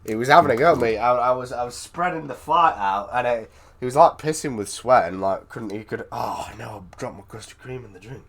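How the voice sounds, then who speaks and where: A British man chatting casually with a friend, telling an animated story, swearing freely and often restarting his sentences. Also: medium pitch, brisk. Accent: British English. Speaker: streamer. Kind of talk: casual chat on a voice call.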